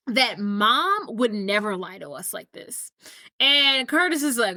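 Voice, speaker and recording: Lively high-pitched woman recapping a film. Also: takes it slowly, no echo, clean studio sound. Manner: animated retelling, acting out characters' lines. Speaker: podcast co-host. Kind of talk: casual movie recap chat.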